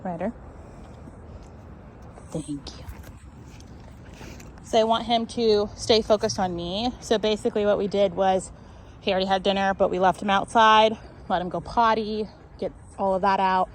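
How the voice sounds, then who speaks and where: A woman's voice: mid-range voice, fairly even intonation, normal speed, slight background noise, rough recording. A woman dog trainer explaining a walk outdoors on a neighborhood street, often checking in with "right?".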